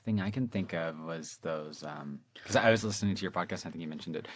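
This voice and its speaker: A man's voice: sits low, fast, no echo, clean studio sound. A man who voices characters, a podcast guest in casual chat, playful and joking, often acting out quotes in put-on voices.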